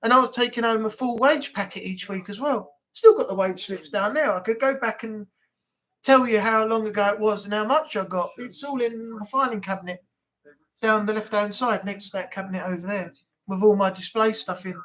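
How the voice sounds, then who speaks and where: A man's voice: high-pitched, a little fast, a bit bright, poor audio. A man hosting a casual live-stream chat from home, rambling and chatty with lots of fillers. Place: home room.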